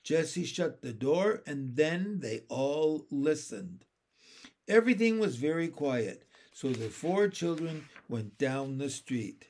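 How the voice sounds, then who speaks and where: A man reading a children's chapter book aloud in a gentle storytelling manner. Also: fairly high pitch, expressive, takes it slowly. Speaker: narrator. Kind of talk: audiobook narration of a children's book.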